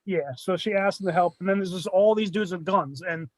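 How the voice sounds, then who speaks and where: A man's voice: high-pitched, a little fast, no room sound. A man co-hosting a podcast, casually retelling a film's plot in a rambling way and acting out its lines. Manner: rambling storyteller, acts out lines with a laugh. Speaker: podcast co-host recapping a movie. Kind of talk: casual chat.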